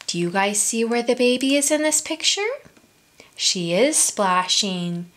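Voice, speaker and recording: A woman's voice: fairly high pitch, lively intonation, measured pace, fairly bright tone. A woman reading a picture book aloud to young children at story time. She speaks in a sing-song way, asks the children questions and drops into whispers for asides.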